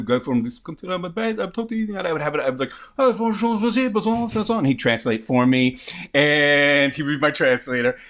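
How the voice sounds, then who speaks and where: Fast-talking animated man telling stories. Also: mid-range voice. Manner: animated storyteller, jumps into voices of others. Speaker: guest.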